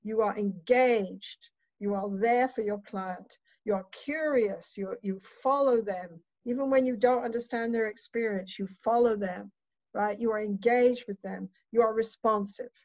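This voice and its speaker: A woman psychotherapist giving a conference keynote, speaking emphatically and conversationally and often checking in with a quick "right?". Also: mid-range voice, darkish tone, no echo. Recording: dull lo-fi dry sound.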